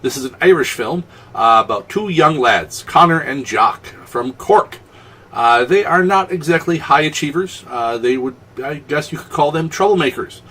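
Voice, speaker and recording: A man's voice: on the high side, animated, normal speed, pushed and bright, husky, recorded from a distance. A man hosting a casual solo film review, rambling with many ums and restarts.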